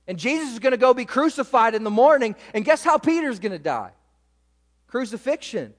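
A man preaching a sermon as pastor, swinging between loud emphasis and quiet, low asides. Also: very animated, fairly quick, big-room sound.

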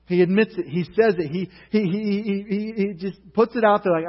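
A man preaching a sermon, retelling a story with animated emphasis and building intensity. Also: high voice, normal speed, in a large hall, highs cut off.

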